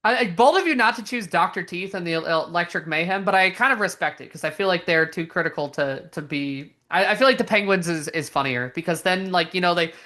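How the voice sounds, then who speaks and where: Young female co-host, lower range, casual giggly banter with many restarts. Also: animated, fairly quick, hardly any pauses, a bit bright. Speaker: podcast co-host. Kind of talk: casual chat.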